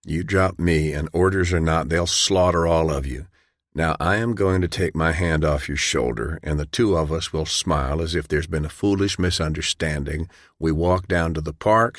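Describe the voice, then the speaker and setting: Man reading a firm, steady community leader. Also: moderate pace, dry recording, clean studio sound. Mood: quiet threat. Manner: firm, low, controlled.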